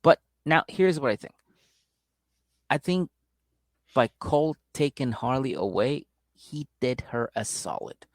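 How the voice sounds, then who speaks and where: A man's voice: mid-range voice, lively intonation, a little slow, long pauses, dry recording, clean studio sound. A man co-hosting a comedy podcast, casually recapping a reality show and acting out the people in it with profanity. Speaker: podcast co-host.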